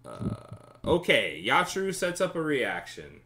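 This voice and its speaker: A man's voice: on the high side, wildly swooping pitch, measured pace, noisy background. A man running a tabletop game as game master, narrating combat vividly and explaining rules.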